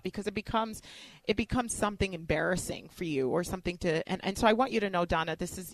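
A woman's voice: sits low, gravelly, no echo, rough recording. A woman hosting a talk show, asking questions hesitantly with many fillers.

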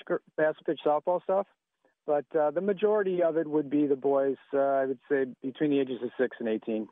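A man's voice: fairly high pitch, fairly even intonation, fairly quick, dry recording. A man being interviewed on a radio show as a guest, talking in an easygoing, conversational way. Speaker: guest, sports facility owner. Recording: phone-line guest audio.

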